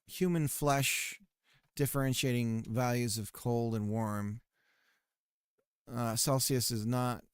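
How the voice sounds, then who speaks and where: A male streamer rambles casually, muttering to himself between thoughts as he works on a game. His voice is smooth and clear, recorded close and dry with no room sound. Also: medium pitch, dry recording. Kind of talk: casual chat while working on a game.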